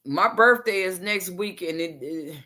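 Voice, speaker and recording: A woman's voice: on the low side, a little slow, sharp tone. A woman with a Southern US accent, hosting a crochet livestream and chatting playfully with her viewers. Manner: chatty and playful, reads live chat aloud. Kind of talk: casual chat.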